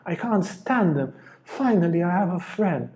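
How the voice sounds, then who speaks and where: A high-pitched, gushing old holy man, tender and ecstatic, his voice soaring in a roomy, echoey space. A man acts him out while telling the story. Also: expressive, measured pace, dark tone. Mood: overjoyed. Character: elderly male saint, tender and ecstatic. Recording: echoey room.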